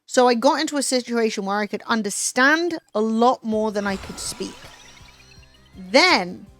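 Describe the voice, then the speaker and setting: A young woman chatting casually with her livestream viewers, animated and swearing freely. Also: fairly high pitch, a little slow, soft background music. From Southern Italian family. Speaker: streamer.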